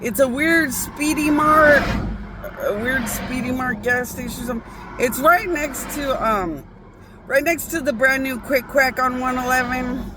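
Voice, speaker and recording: A woman's voice: high voice, unhurried, noisy background. A woman vlogging a casual, rambling monologue, profane and often breaking off to restart her sentences.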